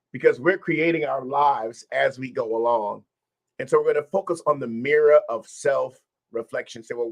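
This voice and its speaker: A man hosting a livestreamed wellness session, encouraging viewers and repeating key phrases. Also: medium pitch. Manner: encouraging, repetitive phrasing, addresses viewers directly.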